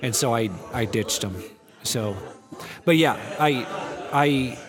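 A man in casual chat, speaking in a relaxed, reflective way. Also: medium pitch, slow, over music.

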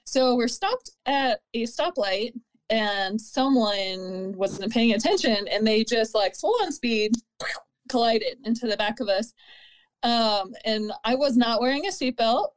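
A woman in her thirties telling her own story in an interview, candid and earnest, pausing and restarting often. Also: on the high side. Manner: halting, with frequent fillers and restarts. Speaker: interview guest.

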